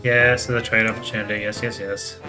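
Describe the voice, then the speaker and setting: A man hosting a gaming channel, reading game text aloud in an even, matter-of-fact way with casual asides while he plays. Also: on the low side, a little fast, over music.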